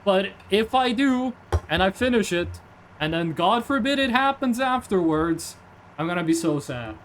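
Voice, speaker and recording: A man's voice: high voice, expressive, normal speed, a bit bright, slight background noise. A man in his twenties streaming a game, rambling casually, reading chat aloud and tossing in jokey asides.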